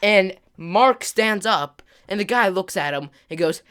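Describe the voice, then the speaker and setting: Rambling young-sounding gaming host, smooth voice. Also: male voice, high voice, normal speed, few pauses. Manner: rambling, peppered with filler words and mild slang; grows louder and more excited as the story climaxes. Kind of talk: casual storytime over gameplay.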